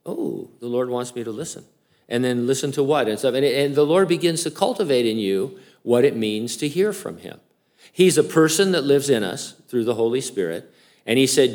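A man's voice: mid-range voice, lively intonation, normal speed, darkish tone. Chatty older male pastor, casual sermon. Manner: chatty and informal, with many fillers and restarts.

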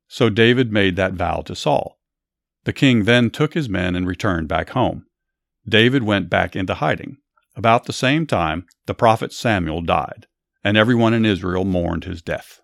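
A man hosting a podcast, telling Bible stories in a measured, earnest way and adding commentary. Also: fairly low pitch, vocal fry, dry recording, studio quality. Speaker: podcast host. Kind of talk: Bible story narration with commentary.

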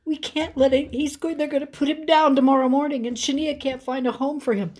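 A woman's voice: high-pitched, steady tone, brisk, darkish tone, pitched above the performer's own voice, natural voice. A woman voicing her tearful friend, who stammers and pleads breathlessly to save a dog. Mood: frantic.

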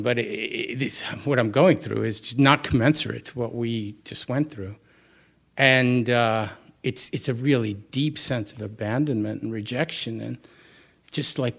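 A middle-aged man leads a Buddhist talk before a live audience. His pitch sits in the ordinary middle range for a man. He speaks candidly and conversationally, telling a personal story with self-deprecating asides and frequent restarts. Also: gravelly. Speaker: Buddhist teacher.

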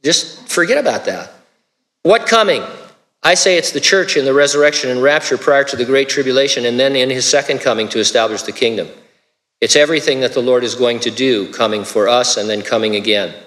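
A man preaching a conversational sermon as a pastor, relaxed, with joking asides and small restarts. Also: fairly high pitch, big-room sound.

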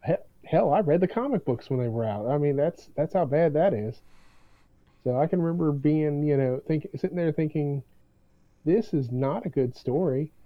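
A man co-hosting a podcast in casual chat, measured and dryly humorous, heard over a remote line. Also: on the high side, expressive, no echo. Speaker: podcast co-host. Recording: tinny phone-like line, dry.

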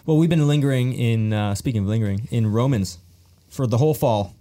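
A man's voice: medium pitch, brisk, warm tone. A man co-hosting a podcast, easygoing as he steers the conversation. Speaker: podcast co-host. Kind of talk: casual chat.

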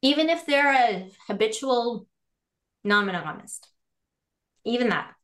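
A woman's voice: fairly high pitch, expressive, a little slow, fairly bright tone. A woman guest on a podcast, chatting animatedly and illustrating her points with examples. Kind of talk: casual chat.

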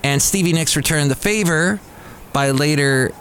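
A man's voice: on the high side, normal speed, a bit bright, a little hiss or hum. A man hosting a podcast in a casual monologue who rambles and corrects himself aloud. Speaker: podcast host.

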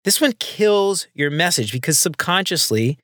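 A man's voice: a little high, sing-song, a little slow, fairly bright tone, no echo, studio quality. A man hosting a solo podcast, explaining speaking tips step by step in a conversational way. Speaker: podcast host. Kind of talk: solo instructional podcast talk.

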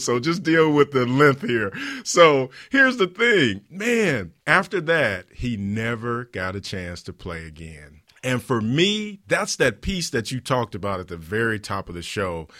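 A man hosting a leadership podcast, telling stories in an animated way with frequent laughs. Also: medium pitch, no echo, studio quality. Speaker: podcast host; former pro football player. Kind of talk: podcast conversation.

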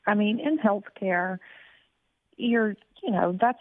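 A woman in her forties, a healthcare worker guest, speaking in an earnest, halting way on a phone line. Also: mid-range voice, no room sound. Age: 40s. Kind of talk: interview.

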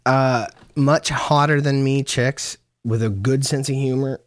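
A man's voice: medium pitch, steady tone, a little slow, no room sound, studio quality. A man from Canada co-hosting a podcast, rambling through crude, joking casual banter. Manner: joking, rambling, breaks into mock French. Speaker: podcast co-host.

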